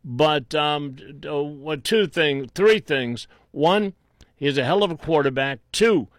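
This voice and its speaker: A man hosting a call-in radio show, talking bluntly with many restarts and quick bursts. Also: a little high, animated, no echo, studio quality. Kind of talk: talk radio chat.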